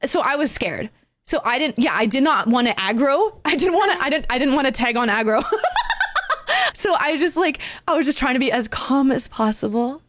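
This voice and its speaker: A woman streamer with a high voice that swoops up and down, telling a story to her chat in a fast, excitable way and using gamer slang. The sound is dry and close. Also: no room sound.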